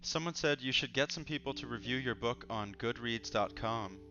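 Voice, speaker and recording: A man's voice: mid-range voice, moderate pace, sharp tone. A man hosting a casual livestream conversation in an easygoing, joking way, reading comments out as he goes. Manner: easygoing, joking, reads chat aloud. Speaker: host. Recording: dull lo-fi stream audio with faint music.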